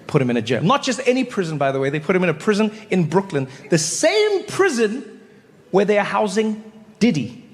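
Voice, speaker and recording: A man performing stand-up comedy, telling animated stories full of voice impressions. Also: high voice, a little fast, a little hiss or hum. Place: comedy stage before an audience. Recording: live in a reverberant venue.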